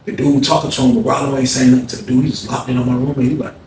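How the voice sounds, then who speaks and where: Fast-talking gravelly man telling a wild story. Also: mid-range voice. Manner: animated, profane, acts out the scene. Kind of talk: casual storytelling. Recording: echoey room with faint background noise.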